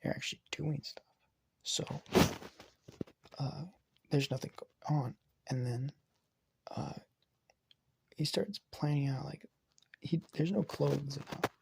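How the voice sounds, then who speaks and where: A man's voice: fairly high pitch, takes it slowly, pauses often, a little mellow, slight background noise. A man telling an improvised story in a casual, rambling way, swearing and often dropping to a whisper. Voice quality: gravelly, raspy.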